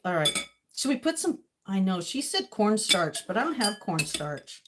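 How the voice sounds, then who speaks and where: Cooking in her home kitchen, a woman vlogs casually, rambling to herself and her viewers and laughing often. Her mid-range voice is sing-song at normal speed, against a noisy background of clinking dishes and cutlery.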